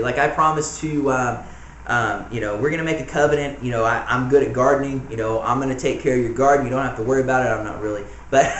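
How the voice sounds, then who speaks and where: A man's voice: medium pitch, fairly bright tone. A man preaching an informal home church sermon, conversational and full of "you know" asides and chuckles. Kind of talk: informal sermon, Bible study teaching. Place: small room in a house church. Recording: echoey room, faint background noise.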